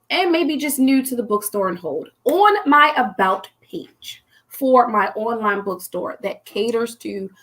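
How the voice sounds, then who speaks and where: A woman in her forties hosting a casual chat, telling stories in a bubbly, excited way. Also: medium pitch. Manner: bubbly, animated storyteller. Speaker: host.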